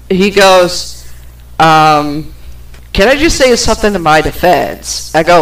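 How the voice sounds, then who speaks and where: A woman's voice: lowish voice, lively intonation. A woman hosting a podcast, telling a personal story in a blunt, profane, casual way. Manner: blunt and profane, slow, with many pauses. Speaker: podcast host. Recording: distant from the microphone.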